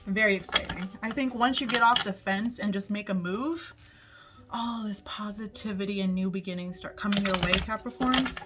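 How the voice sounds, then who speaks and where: A woman's voice: mid-range voice, moderate pace, background noise. A woman giving a casual tarot forecast to her viewers, chatty and upbeat, swearing freely as she talks straight to them. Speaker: tarot reader. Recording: music playing under the voice. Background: background music.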